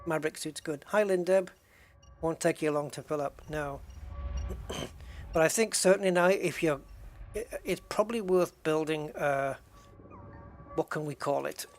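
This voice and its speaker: Live gameplay streamer, chatty think-aloud commentary, mid-pitched voice. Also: measured pace, long pauses, soft background music. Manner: thinks aloud, counts items and chats with viewers; casual and chatty, with frequent restarts. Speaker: game streamer.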